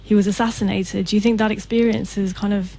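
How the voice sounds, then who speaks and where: A woman's voice: medium pitch, level tone, quick pace, gravelly, warm tone. Polite woman hosting a radio show. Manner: polite, encouraging, with hesitant fillers. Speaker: radio host. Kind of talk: radio interview. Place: radio studio.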